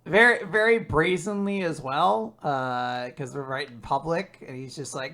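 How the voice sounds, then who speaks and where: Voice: medium pitch, a little slow, bright, forceful tone. A podcast co-host reacting casually to a manga chapter, eager and profane, acting out the characters' dialogue. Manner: enthusiastic, swears casually, acts out dialogue.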